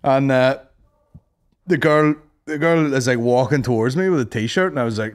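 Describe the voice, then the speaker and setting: A man co-hosting a chat podcast, speaking. He tells his stories loosely, swearing and laughing along the way. His voice sits at an ordinary middle pitch. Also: animated, normal speed. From Northern Ireland. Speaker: podcast co-host. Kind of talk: casual chat.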